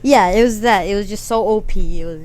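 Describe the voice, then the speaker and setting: A woman's voice: medium pitch, brisk, crowd noise. A young woman chatting as a podcast guest, playful, teasing and giggly. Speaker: guest, host's younger sister. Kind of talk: casual podcast chat.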